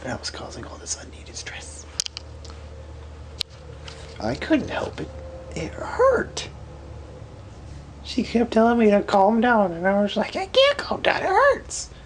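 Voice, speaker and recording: A tired man half-whispering a late-night vlog, recounting a painful hospital night in a drowsy way with sudden lively bursts. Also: high voice, takes it slowly, pauses often, low-quality recording. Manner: hushed, drowsy storytelling that swings from whispers to animated outbursts. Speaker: vlogger.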